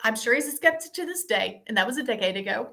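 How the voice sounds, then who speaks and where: A chatty woman with a voice pitched a little high tells stories in a relaxed question-and-answer session. She acts out both sides of each conversation and fills her talk with "like". Laughter keeps breaking into her punchlines. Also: quick pace, vocal fry. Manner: chatty, acts out quoted dialogue, frequent "like". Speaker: hypnosis practitioner and course founder. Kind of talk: casual storytelling Q&A.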